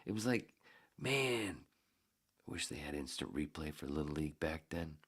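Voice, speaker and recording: Deep, gravelly man in his fifties telling stories. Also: moderate pace. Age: 50s. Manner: profane, heated, animated storyteller. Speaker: podcast host. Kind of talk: casual storytelling monologue.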